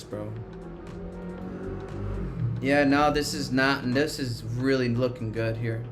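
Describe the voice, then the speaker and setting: This stock market livestream host speaks in a mid-range voice, full of excitement and frequent swearing. His mood lurches from cheers to panic whenever prices shift.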